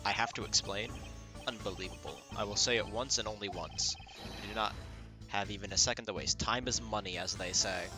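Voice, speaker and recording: A man's voice: on the low side, fairly quick, music in the background, lightly acted. A man putting on Zinc LeBlanc, a pompous rich dealer. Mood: haughty. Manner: pompous, clipped and dismissive. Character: haughty wealthy male art dealer, impatient and pompous. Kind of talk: reading game dialogue aloud in character.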